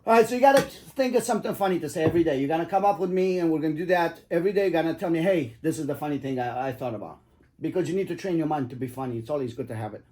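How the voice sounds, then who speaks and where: A man's voice: fairly high pitch, racing, darkish tone, a little hiss or hum. A middle-aged man casually telling his kids stories, rambling and swearing and laughing at his own tales. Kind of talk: casual storytelling.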